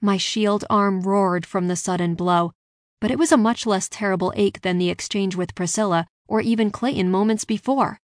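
A woman's voice: medium pitch, moderate pace, no room sound, clean studio sound. Woman narrating a fantasy audiobook. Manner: steady, expressive storytelling. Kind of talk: first-person audiobook narration.

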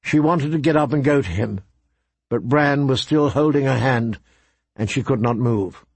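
A man narrating a story in a measured, even audiobook reading. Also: medium pitch, husky, no room sound.

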